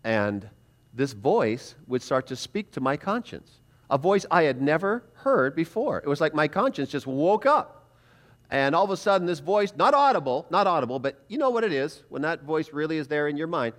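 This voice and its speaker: A middle-aged man preaching at a prophecy seminar, telling his conversion story in an animated way and acting out his past thoughts. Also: on the high side, normal speed. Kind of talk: personal testimony sermon.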